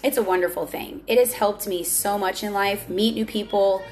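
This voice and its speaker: A woman's voice: mid-range voice, fairly even intonation, moderate pace, soft background music. A young woman talking candidly on her vlog, earnest and confessional, often restarting her sentences. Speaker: vlogger. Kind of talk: candid personal vlog talk.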